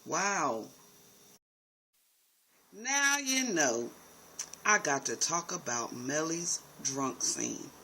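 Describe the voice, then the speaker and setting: Sassy high-voiced man recapping TV. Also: very animated, drawn-out words, pauses often, sharp tone, a little hiss or hum, rough recording. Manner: sassy, chatty, calls viewers honey and baby. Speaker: TV recap host. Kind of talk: casual TV recap commentary.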